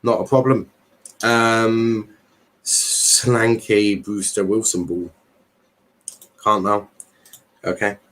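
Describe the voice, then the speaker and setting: Man, lowish voice, casual football stream host, rambling, lots of ums and restarts. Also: flat delivery, drawn-out words, long pauses, fairly bright tone. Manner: rambling, many fillers and restarts. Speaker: livestream host.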